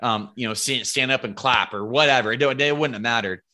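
A man telling hunting stories as a guest in a casual podcast interview, animated and rambling, with free swearing. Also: mid-range voice, brisk. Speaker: podcast guest, bow hunter.

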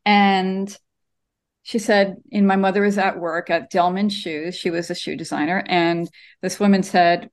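A woman's voice: lowish voice, moderate pace. A woman cartoonist, a guest in an interview, telling her story with lots of ums over a video call from her home studio. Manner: animated storyteller, many ums.

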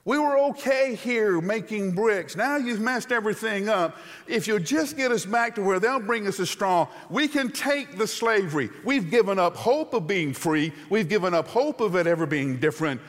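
A preacher voicing whining, grumbling slaves. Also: male voice, high voice, lively intonation, normal speed, a bit bright, pitched above the performer's own voice. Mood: complaining. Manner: whining, complaining. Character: grumbling crowd of enslaved workers. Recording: long hall reverb.

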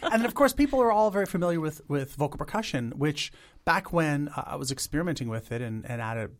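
A man in his fifties, a guest in an interview, talking in an animated, chatty way and imitating instruments with his voice. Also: fairly high pitch, quick pace. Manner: chatty, many "like" fillers. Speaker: guest, a cappella arranger. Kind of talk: interview conversation.

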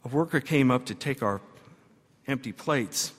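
A man's voice: mid-range voice, animated, normal speed, slightly rough. Pastor guy preaching, tells a story then builds up big repeated lines, church reverb all around. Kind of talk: sermon. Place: church sanctuary.

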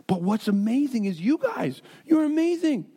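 A man preaching a sermon as pastor. He talks in an animated, self-deprecating, joking way, moving between stories and earnest prayer. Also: extremely high pitch, normal speed, husky.

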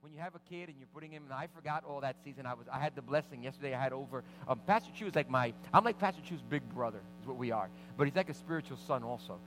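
A middle-aged man preaching as pastor, telling a lively personal story and acting out the voices of the people in it. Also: medium pitch, rough recording. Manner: animated anecdotes with vivid quoted voices. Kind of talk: sermon storytelling.

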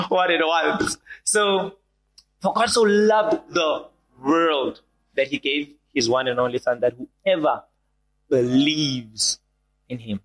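Young man, sermon to a small group, fairly high voice, builds and repeats. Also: takes it slowly, poor audio. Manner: animated, repeats key lines, rises to shouts. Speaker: preacher.

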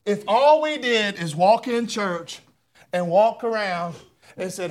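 High-voiced preacher with a drawl. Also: male voice, takes it slowly. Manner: fervent, rising to shouts, with stammering repeats. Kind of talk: sermon. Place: church sanctuary.

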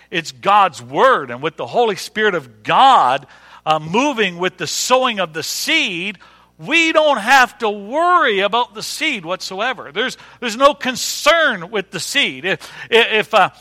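A man's voice: high voice, pushed and bright. A middle-aged male pastor preaching a sermon in a folksy way, repeating words and using dry humor. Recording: long hall reverb.

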